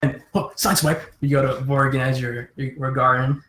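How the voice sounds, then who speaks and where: A man's voice: mid-range voice, level tone, fairly bright tone, reverberant. A man narrating a tabletop game as game master, often stopping and restarting his phrases. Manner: halting, restarts mid-phrase.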